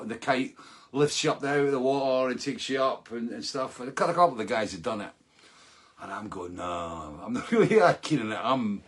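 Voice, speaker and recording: A man with a slightly husky, breathy voice spins a long, rambling anecdote. He keeps it casual and self-mocking, with chuckles between lines. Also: mid-range voice, a bit bright. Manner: rambling, self-mocking, laughs through the story, fillers like right. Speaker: storyteller.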